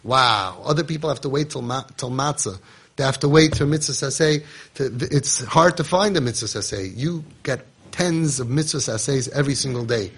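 A man's voice: mid-range voice, lively intonation, moderate pace, a bit bright, slightly rough. A man giving an earnest religious lesson to parents, telling stories and using Hebrew terms as he coaches them.

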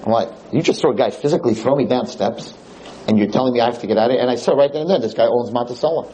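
A man's voice: medium pitch, rapid-fire, a little hiss or hum, low-quality recording. A man, a rabbi, telling a story in a lecture and acting out the other people in it. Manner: animated storyteller, acts out quotes.

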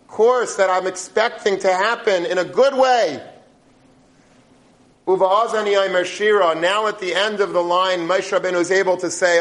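A man with a high, light voice delivers a weekly Torah portion talk. He speaks emphatically and keeps posing rhetorical questions to his listeners. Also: moderate pace, fairly bright tone. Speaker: Torah teacher.

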